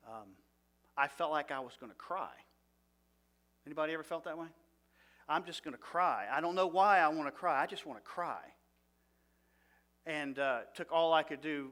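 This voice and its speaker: A man teaching a seminary class in a conversational way, often putting questions to his listeners and going soft and low for personal moments. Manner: conversational, asks the audience questions. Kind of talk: seminary lecture.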